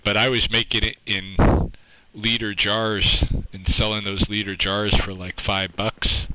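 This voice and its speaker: A man rambles to his stream audience at a slow, unhurried pace, his voice sitting on the low side. He is self-deprecating, fills his talk with "um" and "you know," and swears casually. A steady background noise sits under his close microphone. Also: low-quality recording. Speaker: livestreaming gamer chatting with viewers. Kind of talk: casual livestream chat. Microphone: own microphone close up.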